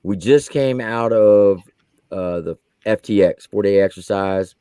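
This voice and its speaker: A man's voice: on the low side, unhurried, dark tone, smooth, no echo. A man, an army veteran who served as a drill sergeant, telling a story on a podcast in casual slang and acting out the quotes.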